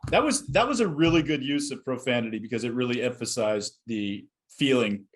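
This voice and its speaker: A man's voice: medium pitch, lively intonation, fairly quick. Rambling, chatty man. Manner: rambling, many fillers and restarts, nostalgic. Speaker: podcast co-host. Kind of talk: casual podcast chat.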